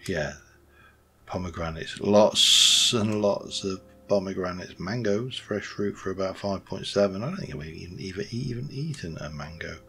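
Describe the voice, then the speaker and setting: A man's voice: low-pitched, expressive, moderate pace, gravelly, a little hiss or hum. A man rambling casually as he plays a game, thinking aloud and correcting himself. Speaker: Minecraft let's play host. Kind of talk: casual gameplay commentary.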